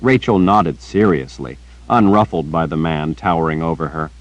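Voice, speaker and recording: A man narrating a fantasy audiobook in a steady storytelling manner. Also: rumbling low, moderate pace, no room sound, rough recording. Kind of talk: scripted narration.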